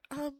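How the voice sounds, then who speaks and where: A woman's voice: extremely high pitch, fairly bright tone, dry recording, clean studio sound. A woman live-streaming and chatting casually with her viewers, giggly and often correcting herself.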